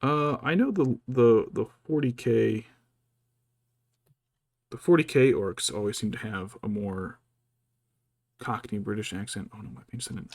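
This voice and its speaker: Low-voiced man rambling while he paints. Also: a little slow, pauses often, darkish tone, dry recording, clean studio sound. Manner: rambling, thinks aloud, mutters to himself. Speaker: streamer painting miniatures. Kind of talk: casual chat while working.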